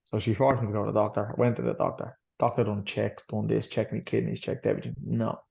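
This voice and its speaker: Flat and quick, his lowish voice gravelly with a darkish tone, an Irish boxer tells his story as an interview guest. He's blunt, swears freely and rambles, heard through slightly dull lo-fi sound.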